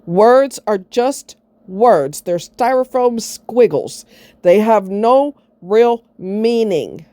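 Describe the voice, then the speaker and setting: Middle-aged woman ranting about an ex-friend, blunt and sarcastic, warm low-key tone. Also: expressive, extremely slow, dry recording, studio quality. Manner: blunt, sarcastic, swears freely. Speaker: vlogger. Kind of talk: blunt storytelling monologue.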